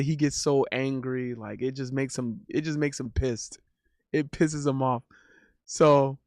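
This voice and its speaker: A man's voice: on the high side, no room sound, studio quality. A young man telling a rambling, casual story as a streamer, with lots of restarts and laughter.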